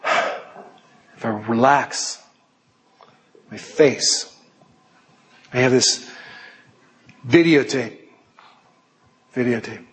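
A middle-aged man preaching a sermon in a lively, joking way, slipping into put-on voices for effect. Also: extremely slow, long pauses, slightly rough, big-room sound. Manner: animated, jokey, puts on high panicky voices. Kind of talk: sermon with acted asides.

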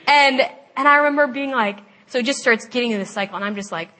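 A young woman giving a personal Christian testimony, chatty and animated, laughing often and saying "like" a lot. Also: fairly high pitch, fast talker, a little hiss or hum. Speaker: speaker at a Christian gathering.

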